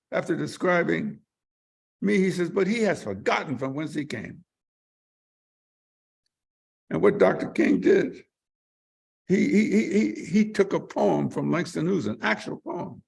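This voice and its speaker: An older man with a fairly high, slightly rough voice and some vocal fry tells vivid stories as an interview guest. He's animated, acting out what others said and sometimes repeating words while he searches for them.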